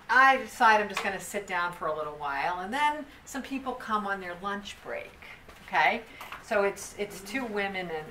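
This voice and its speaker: A woman telling a story to a group in a lively, animated way, often restarting her sentences. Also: medium pitch. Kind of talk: storytelling talk. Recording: echoey room from far off, faint noise.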